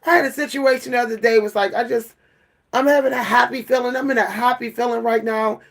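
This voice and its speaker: A woman's voice: on the high side, fairly even intonation, quick pace. A worn-out woman venting to her camera in an emotional monologue, repeating and stumbling over her words. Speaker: vlogger.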